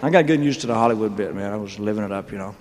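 This man's voice sits lowish and a bit mellow, and he races through a loose, joking account of his career onstage, drawling and wandering into asides. Laughter rises from the large live crowd, captured with long hall reverb and faint noise.

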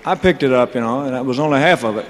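Male entertainer, mid-pitched, loose and joking monologue, live hall with long reverb and faint hiss. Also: very fast. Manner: loose, joking, drawling, full of "you know" and "man". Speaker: entertainer telling his career story on stage. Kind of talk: rambling onstage storytelling monologue. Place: large live venue with audience laughter.

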